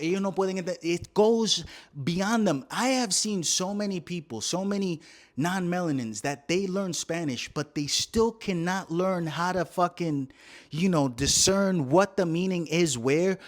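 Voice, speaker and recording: A man's voice: high voice, a little slow. A man with a Puerto Rican accent, hosting a comedy podcast in a casual, profane rant that switches between English and Spanish. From Puerto Rico. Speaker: podcast host.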